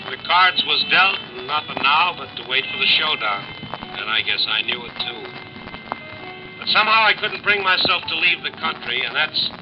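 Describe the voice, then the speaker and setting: An actor playing Billy the Kid, a young hunted outlaw, narrating and speaking in a laconic frontier drawl in a 1950s radio drama. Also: male voice, a little high, close to an everyday voice. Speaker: narrator and lead character. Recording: dull hissy old radio broadcast.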